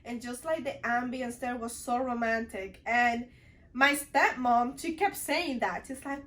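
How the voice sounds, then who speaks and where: High, bright-voiced young woman vlogger. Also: a little slow. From Dominican Republic. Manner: chatty, lots of "like" and restarts. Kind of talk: casual storytime chat.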